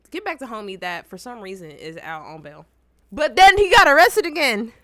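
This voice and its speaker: Woman, high voice, teasing reaction chat, loud outbursts and low mutters. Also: sing-song, moderate pace, no room sound. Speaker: streamer reacting to a video and chat.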